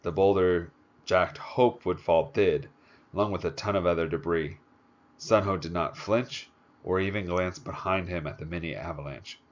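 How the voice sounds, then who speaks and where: A man narrating a first-person audiobook in a steady, plain storytelling manner. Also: low-pitched, moderate pace. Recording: dull lo-fi recording.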